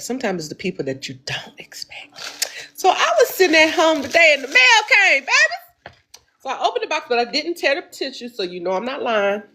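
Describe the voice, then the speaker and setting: A woman's voice: fairly high pitch, a bit bright. A woman hosting a weekly affirmation livestream, chatting casually and exclaiming, calling her listeners baby.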